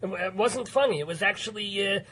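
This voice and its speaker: Male radio host, brisk and apologetic, high bright voice. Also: breathy edge. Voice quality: quick, laughing, apologetic manner. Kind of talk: casual interview chat.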